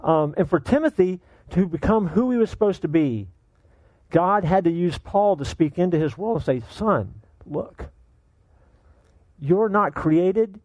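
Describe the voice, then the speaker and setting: A man preaching with a high voice that swoops up and down, playful and quick to joke. He keeps asking his listeners questions as he builds the sermon, recorded dry and close with no room around him. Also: no room sound, muffled recording. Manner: animated, joking, full of rhetorical questions. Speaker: pastor.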